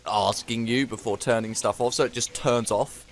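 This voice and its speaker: Guy chatting while gaming, rambly and laughing, medium pitch, faint music underneath. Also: steady tone, moderate pace. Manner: rambling, swears freely, laughs often. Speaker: gamer co-host. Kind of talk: casual chat while gaming.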